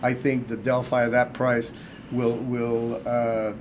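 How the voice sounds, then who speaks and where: A man's voice: medium pitch, completely flat delivery, slow pace, a little hiss or hum. A man who co-owns a turntable company, answering interview questions emphatically and repeating words as he builds his point. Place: audio trade show floor.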